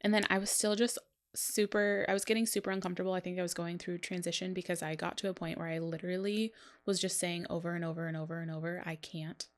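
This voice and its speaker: A woman's voice: lowish voice, fairly even intonation, fast talker. A woman in her thirties co-hosting a podcast, telling a personal story in casual chat, acting out quotes and laughing often. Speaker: podcast co-host.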